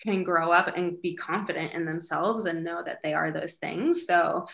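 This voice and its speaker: A woman's voice: fairly low pitch, moderate pace, creaky, fairly bright tone, a little hiss or hum. A woman, a single mother, chatting casually in an interview with many fillers and light laughs. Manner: chatty, lots of fillers, giggly.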